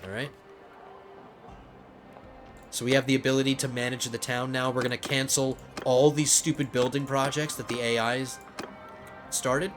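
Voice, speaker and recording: A man talks through his strategy game in a casual let's play, thinking aloud and getting excited, often stumbling and restarting his sentences. His voice sits at an ordinary pitch. Game music plays clearly underneath him. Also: moderate pace, pauses often. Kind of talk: casual gameplay commentary.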